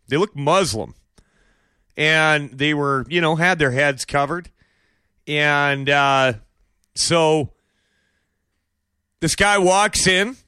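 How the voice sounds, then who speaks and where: A man with a high, tense, bright voice delivers an opinionated solo commentary. He needles his audience with sarcastic rhetorical questions and mocking asides. The sound is close and dry, with no room around it. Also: clear, resonant tone, no echo. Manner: bursts into exaggerated shouted impressions. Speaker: podcast host.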